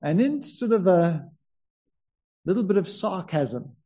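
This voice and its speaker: A man with a South African accent preaching a conversational sermon, slowing down on key words. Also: sits high, big pitch swings, dark tone, husky. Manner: conversational, varies emphasis, stretches key words.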